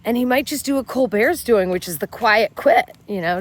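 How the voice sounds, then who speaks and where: A woman's voice: medium pitch, big pitch swings, moderate pace, husky. A middle-aged American woman giving a blunt, exasperated opinion vlog, swearing freely as she walks outdoors. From United States. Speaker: vlogger.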